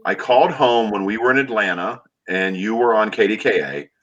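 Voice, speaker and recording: A man hosting a podcast interview, telling a story with lively quoting and bursts of excitement. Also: brisk, muffled recording. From Pittsburgh area. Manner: animated storyteller, jumps high when quoting his mom. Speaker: podcast host. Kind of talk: casual interview chat.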